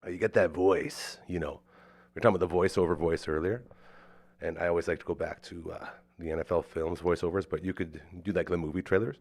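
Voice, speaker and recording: Male podcast host, lowish voice, congested and sick-sounding, rambling, joking, filler words. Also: steady tone, fast talker, a little mellow. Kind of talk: casual chat.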